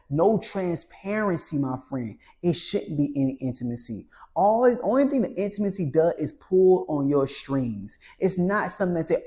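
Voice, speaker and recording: A man coaching in a motivational monologue, preachy and emphatic, listing rules in short punchy phrases and often ending with a soft, low "my friend.". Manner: preachy, repeats "my friend" with a dropped, quiet tail. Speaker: relationship coach.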